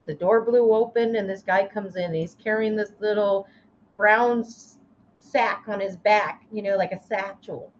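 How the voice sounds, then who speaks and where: A woman guest, a life coach, telling a personal story in an interview with intense emotion and halting restarts. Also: medium pitch, fairly even intonation. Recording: slightly dull, lo-fi sound with faint noise.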